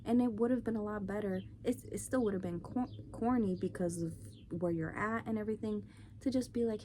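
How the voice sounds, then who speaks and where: A woman's voice: medium pitch, fairly quick, warm tone. A woman hosting her own show, ranting bluntly and profanely in a casual opinion monologue. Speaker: podcast host. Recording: faint background noise.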